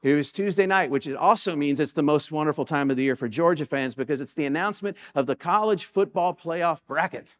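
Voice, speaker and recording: A male pastor giving a sermon in a church, telling stories in a relaxed, conversational way and repeating key points for emphasis. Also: a little high, fairly quick, hardly any pauses. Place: church sanctuary.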